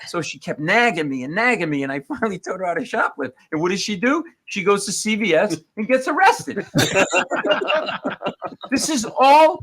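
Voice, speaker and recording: A man, a comedian, telling stories on a radio show and acting out the people in them. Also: moderate pace. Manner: animated storyteller, acts out quoted people in rising pitch. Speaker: comedian guest.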